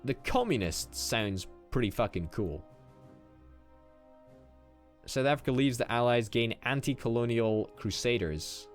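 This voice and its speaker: A young man casually commenting on a strategy game as he plays, excitable, swearing and thinking out loud. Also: medium pitch, unhurried, long pauses, soft background music. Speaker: gaming YouTuber.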